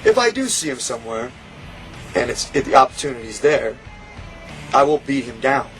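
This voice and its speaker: A man's voice: medium pitch, big pitch swings, normal speed, fairly bright tone, soft background music, rough recording. A man telling a story in an interview, heated and profane, acting out what was said. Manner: heated, profane, acts out quoted lines. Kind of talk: animated storytelling.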